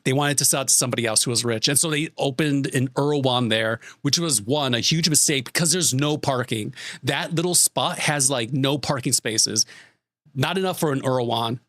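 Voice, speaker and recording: A man's voice: medium pitch, moderate pace, no echo, clean studio sound. A male streamer telling an exasperated, swearing story to his chat in a casual way. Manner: exasperated, swearing, animated retelling.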